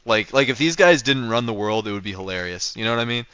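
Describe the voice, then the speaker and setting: A young man streaming a game, bantering with his chat in a bright, smooth voice. He jokes and teases as he answers viewers. The sound is dry and slightly dull, from a home mic. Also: medium pitch, lively intonation, quick pace, no echo. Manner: joking, teasing, reacting to chat. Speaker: livestreamer. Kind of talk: casual livestream chat while playing.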